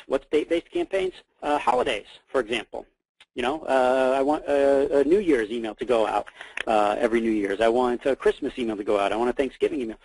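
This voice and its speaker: Gravelly man walking through a software demo. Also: mid-range voice, quick pace, no room sound, low-quality recording. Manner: casual, repeats himself, many fillers, addresses listeners as guys. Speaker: webinar host.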